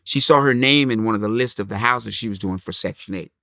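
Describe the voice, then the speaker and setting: Gravelly-voiced middle-aged man telling stories. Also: lowish voice, fast talker, no echo, clean studio sound. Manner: animated storyteller, acts out quotes. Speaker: interview guest, comedian. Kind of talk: storytelling in an interview.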